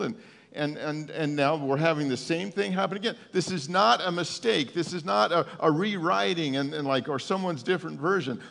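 Gravelly folksy preacher man, reverberant hall. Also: a little high, a bit bright. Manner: folksy, emphatic, stumbles and repeats words. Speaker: pastor. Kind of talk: conversational sermon.

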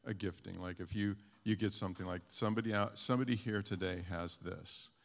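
Deep gravelly man leading church ministry. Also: a little fast, a little hiss or hum. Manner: calm, guiding, repeats words for emphasis. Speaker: pastor leading ministry time. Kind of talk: giving instructions to a congregation. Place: church sanctuary. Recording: long reverb of a church hall.

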